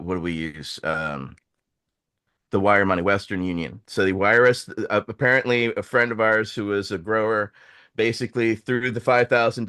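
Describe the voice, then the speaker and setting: A man telling a story in casual podcast chat, animated and profane, acting out the voices of the people he quotes. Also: on the low side, smooth, dry recording, studio quality.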